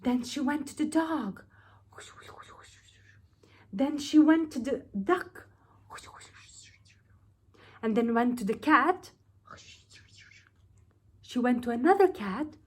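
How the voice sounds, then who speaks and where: A nursery teacher reading a children's picture book aloud with expressive, drawn-out storytelling. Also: female voice, high voice, husky.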